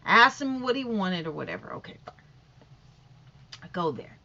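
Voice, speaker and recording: A woman's voice: mid-range voice, lively intonation, normal speed, pushed and bright, a little hiss or hum. A middle-aged woman vlogger telling a casual story-time monologue, rambling with lots of fillers and restarts and acting out every exchange. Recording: dull lo-fi audio.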